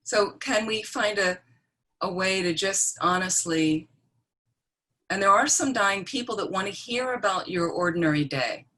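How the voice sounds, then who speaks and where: A woman's voice: medium pitch, a little slow, bright, forceful tone. A woman, a Buddhist nun, giving a plain-spoken teaching talk on death and dying, often checking in with her listeners.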